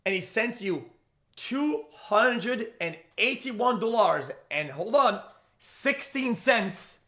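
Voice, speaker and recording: A young man with a high, bright-sounding voice is giving live stream reaction commentary. He rambles, swears freely, and trips over his words with constant restarts. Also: lively intonation, slow. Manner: rambling, profane, stammers and restarts.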